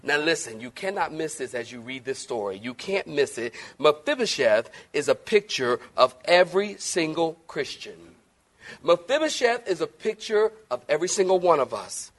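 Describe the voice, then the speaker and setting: The speaker is a male pastor delivering a spirited sermon in a church, mixing loud, emphatic lines with soft, gentle ones and joking with his flock. His voice is a little high, at a moderate pace.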